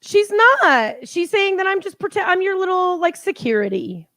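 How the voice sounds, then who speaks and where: Woman co-host, high and playful, close dry mic. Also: sing-song, normal speed, fairly bright tone, dry recording. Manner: teasing, laughs often. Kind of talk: casual live-stream chat.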